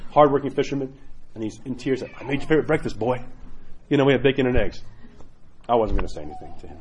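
A man, a priest, teaching a class in a chatty, animated way, often acting out quotes. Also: mid-range voice. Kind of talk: casual catechism class talk.

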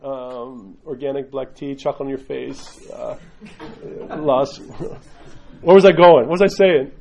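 A man's voice: mid-range voice, steady tone, unhurried, gravelly, noisy background. A man who is an Orthodox priest, teaching in a loose conversational way and often checking in with "right?". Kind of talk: informal teaching talk.

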